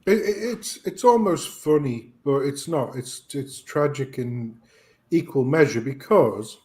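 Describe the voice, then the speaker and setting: A British man on a casual chat show, ranting profanely and telling an animated story. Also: mid-range voice, a little slow.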